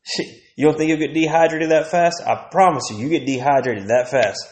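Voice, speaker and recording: A man's voice: on the high side, brisk, reverberant. A man, ranting crudely and rambling as a podcast host, laughing often. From Texas. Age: 30s. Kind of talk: profane comedic rant.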